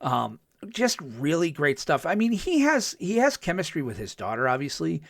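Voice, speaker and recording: A man's voice: on the high side, huge pitch swings, moderate pace, gravelly, dry recording, clean studio sound. A man co-hosting a podcast, casually recapping a TV episode with lots of fillers and enthusiasm. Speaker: podcast co-host.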